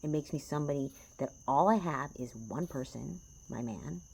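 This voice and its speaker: Very low-voiced woman talking tarot. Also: normal speed, creaky, mellow, husky. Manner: profane, passionate, rambling. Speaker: tarot reader. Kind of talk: casual vlog talk to viewers. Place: small house in the woods.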